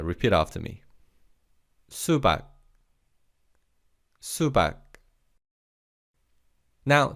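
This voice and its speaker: A man teaching a recorded vocabulary lesson, leading slow repeat-after-me drills and praising the learner between words. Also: on the low side, creaky. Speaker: language teacher.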